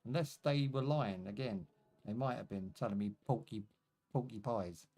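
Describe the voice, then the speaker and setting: A man's voice: fairly low pitch, moderate pace, darkish tone. A man chatting jokily as he live-streams a video game. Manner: joking, chatty, talks to himself and chat. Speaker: livestream gamer. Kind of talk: casual gameplay commentary.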